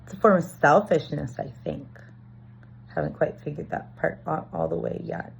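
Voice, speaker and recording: A woman's voice: low-pitched, expressive, moderate pace, creaky, breathy edge. A woman in a reflective personal monologue, earnestly working through a confusing experience and acting out bits of dialogue. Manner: earnest, searching, reenacts dialogue. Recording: dull lo-fi recording.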